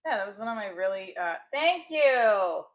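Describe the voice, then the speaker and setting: A woman's voice: mid-range voice, sing-song, normal speed, rough recording. A woman, a comedian and actress, chatting on a live stream, thanking viewers and rambling about her shows.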